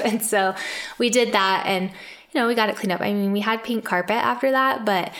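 A woman's voice: medium pitch, a little fast, fairly bright tone. Chatty woman telling family stories. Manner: chatty, many "like" fillers, laughs often. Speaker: podcast co-host, adoptive mother. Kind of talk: casual storytelling.

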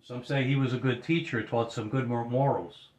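A man preaching a sermon, earnest and measured, dropping his voice low when he quotes scripture. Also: steady tone, darkish tone. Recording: roomy echoing hall.

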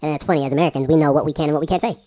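A man in his forties co-hosting a casual chat podcast, laid-back and joking, quick to laugh. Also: fairly high pitch, steady tone, mellow. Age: 40s. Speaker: podcast co-host.

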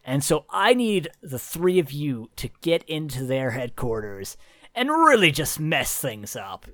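Guy doing a fed up rambling ceo boss, stammers a lot, kinda high voice. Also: very animated, a little slow, a bit bright, no room sound. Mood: exasperated. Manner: stammering, repeats words. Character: exasperated rambling male startup CEO.

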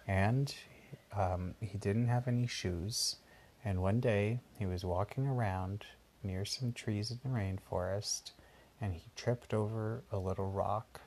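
A man's voice: lowish voice, steady tone, slow pace, darkish tone. A man patiently improvising a bedtime story for a child and explaining things along the way. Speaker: parent telling a bedtime story.

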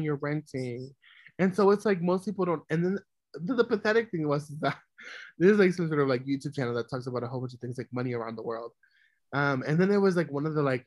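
A woman's voice: low-pitched, dry recording. Emphatic ranting woman, casual chat. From New York. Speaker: podcast co-host.

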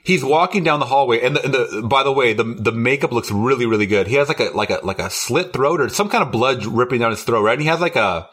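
A man's voice: medium pitch, animated, fast talker, hardly any pauses, fairly bright tone, slightly rough. A man co-hosting a podcast, casually retelling a horror movie's plot with lots of swearing and laughter. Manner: rambling, profane, laughs while retelling scenes. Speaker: podcast co-host. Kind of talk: casual movie recap chat.

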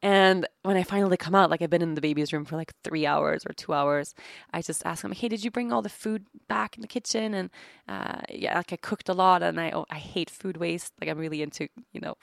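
A woman's voice: low-pitched, fairly even intonation, brisk, gravelly, no echo, clean studio sound. A woman in her thirties hosting a podcast, telling a story casually in a chatty, exasperated way with lots of fillers. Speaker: podcast host.

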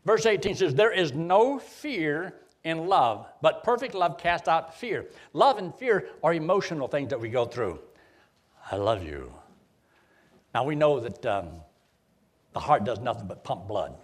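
A man's voice: a little high, moderate pace, breathy edge. A middle-aged man preaching a sermon in a folksy, joking way. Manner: folksy, joking, animated delivery.

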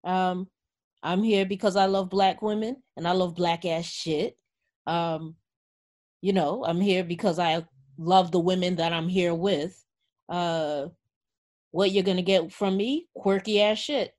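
A woman's voice: lowish voice, fairly even intonation, unhurried, darkish tone. A woman co-hosting a casual group podcast, blunt and joking, swearing freely. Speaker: podcast co-host.

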